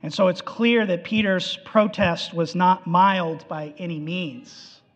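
A high-voiced man preaches a sermon at a slow pace, animated and acting out the quotes. The sound is dull and lo-fi, in an echoey hall.

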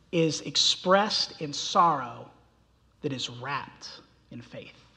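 A man's voice: a little high, bright, forceful tone. A man preaching a sermon, impassioned, his voice rising sharply when he voices quoted cries. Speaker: pastor. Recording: long reverb of a large hall.

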